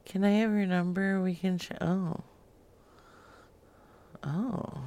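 Slow gravelly-voiced woman. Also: medium pitch, steady tone, dark tone, no echo. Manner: giggly, drops to whispered asides. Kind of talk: casual chat.

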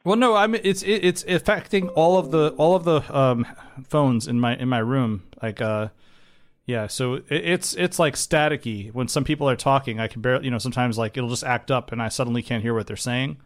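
A man's voice: medium pitch, a little fast. A man making a prank phone call, rambling and mock-panicked, putting on a show of phone trouble. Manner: rambling, mock-panicked, makes silly noises. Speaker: prank caller.

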